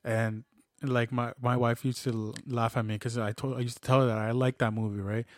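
A man's voice: mid-range voice, flat delivery, fairly quick, dry recording, studio quality. Rambling man retelling a story. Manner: rambling storyteller, many restarts and acted-out dialogue. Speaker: podcast co-host. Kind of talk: casual chat.

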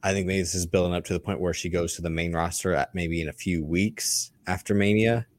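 A man's voice: sits low, steady tone, brisk, dry recording. A man, a podcast guest, rambling through casual chat with frequent swearing and restarts. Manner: rambling, profane, many restarts.

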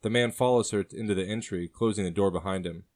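Low-voiced man narrating a story. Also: fast talker.

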